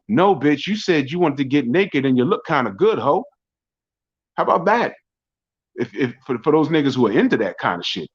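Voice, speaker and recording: A man hosting a barbershop talk show, ranting profanely and mocking his critics in a rambling, loud way. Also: fairly high pitch, big pitch swings, fairly quick, slightly rough. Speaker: podcast host. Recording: dull lo-fi audio.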